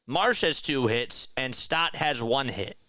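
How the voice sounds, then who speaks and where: A young man doing live baseball play-by-play on a close mic, his voice bright and forward with a smooth, crisp ring. He climbs high and loud when a play turns exciting, then settles back low and relaxed to talk with his viewers. The sound is dry and close, with no room in it. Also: takes it slowly, no echo. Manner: rises sharply in pitch and volume on big plays, calm and low when reading chat. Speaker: play-by-play host of an online stream.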